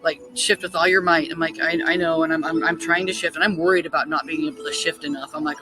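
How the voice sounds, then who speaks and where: A woman casually telling a story, excitable and full of "like" fillers, acting out her own thoughts in quotes. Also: low-pitched, fast, over music, rough recording. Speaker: spiritual storyteller.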